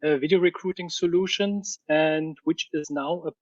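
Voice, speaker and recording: A male guest speaks on a webinar at a slightly raised pitch, eager but a little halting. His audio is dull and sounds distant from the mic, though dry. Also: steady tone, dry recording. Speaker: guest speaker, company co-founder. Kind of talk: webinar conversation.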